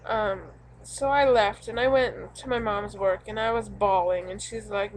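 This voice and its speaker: A young woman venting to camera in a halting, rambling way, full of ums, upset and frustrated. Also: mid-range voice, steady tone, a little hiss or hum, rough recording. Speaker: vlogger.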